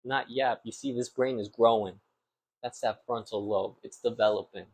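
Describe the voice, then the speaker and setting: Slightly dull lo-fi sound captures a young podcaster chatting as he cooks in his kitchen. His medium-pitched voice is slightly rough, fairly even in intonation, and moderately paced. He rambles casually, with plenty of self-deprecating asides.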